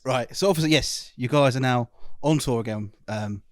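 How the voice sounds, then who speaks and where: A man's voice: mid-range voice, moderate pace, no room sound. Chatty male interviewer. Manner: chatty, laughs easily, rambling questions. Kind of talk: casual interview chat.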